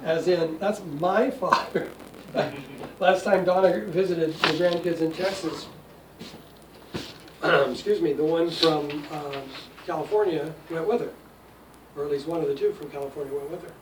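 Older man in his 60s, patient teacher with dry jokes; fairly high voice, echoey room, mic far away. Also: normal speed. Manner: patient, explanatory, wry asides. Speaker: Greek teacher. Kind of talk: classroom lesson. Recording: echoey room, distant mic, faint noise.

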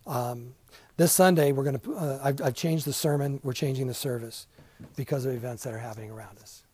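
A man's voice: mid-range voice, a little fast, dark tone, slightly rough, dry recording, rough recording. An older man teaching a casual Bible class in a church classroom, chatty and self-deprecating, with many asides.

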